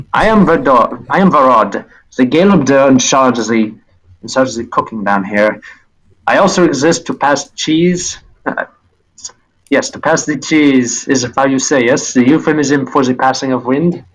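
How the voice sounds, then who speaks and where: A man's voice: medium pitch, a little slow, fairly bright tone, rough recording. A man voicing a dwarf-sized rock creature chef with a put-on French accent, pompous and touchy about critics.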